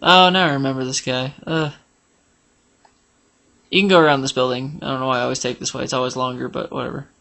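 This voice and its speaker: A man's voice: medium pitch, steady tone, fast, gravelly, pauses often, pushed and bright. Chatty man humming through a game walkthrough. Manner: rambling, jokey, hums and sings while playing. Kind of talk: casual gameplay commentary.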